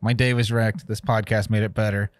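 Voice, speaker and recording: A man's voice: lowish voice, a little fast, no room sound. A man co-hosting a casual home-studio podcast, telling a story with lots of swearing and acting out what other people said. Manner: animated storyteller, swears a lot, acts out other people's lines. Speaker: podcast co-host. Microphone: studio mic.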